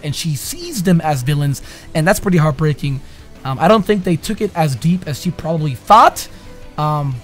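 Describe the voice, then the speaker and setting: High-voiced excitable young man reviewing anime. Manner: excitable, slangy, swings from loud outbursts to mumbles. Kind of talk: casual video review.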